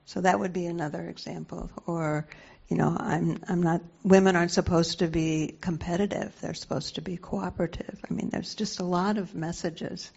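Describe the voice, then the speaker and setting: A soft-spoken woman guides a reflective group conversation, her low voice carrying a gravelly fry. She hesitates and searches for words as she thinks aloud. The recording is muffled and lo-fi. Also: steady tone, normal speed, hardly any pauses. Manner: thoughtful, hesitant with many fillers. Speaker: group facilitator.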